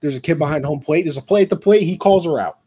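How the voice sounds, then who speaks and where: A young man co-hosting a casual sports show. His voice sits a little high, and he tells stories with lively energy, slipping into the voices of the people he quotes. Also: fast, slightly rough. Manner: animated storyteller, acts out quotes. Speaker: podcast co-host.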